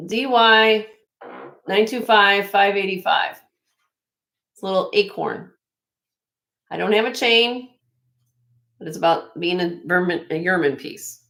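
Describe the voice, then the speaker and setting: A woman hosting a live online jewelry sale, chatting excitedly and loudly as she shows each piece. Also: mid-range voice, measured pace, pauses often. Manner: excitable, loud, chatty sales patter.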